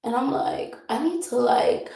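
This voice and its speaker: Chatty young woman with a gravelly voice. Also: high voice, a little slow, warm tone, roomy sound, poor audio. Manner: rambling, laughs often, easily sidetracked. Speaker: vlogger. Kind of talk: casual chat while doing makeup.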